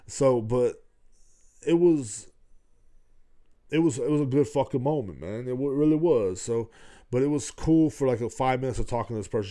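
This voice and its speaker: A man's voice: mid-range voice, warm tone. A man in his thirties hosting his own podcast in a casual, rambling way, swearing freely and often asking "you know what I'm saying". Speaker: podcast host. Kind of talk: casual solo podcast talk.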